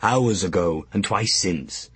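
A man voicing Kent, a gruff and weary loyal old knight in the stocks. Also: low voice, slow pace, dry recording, exaggerated voice.

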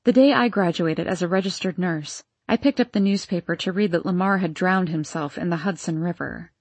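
A woman reading the lines of a bitter, scheming nurse in an audiobook, with a sharp, resentful manner. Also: lowish voice, brisk, slightly rough, dry recording.

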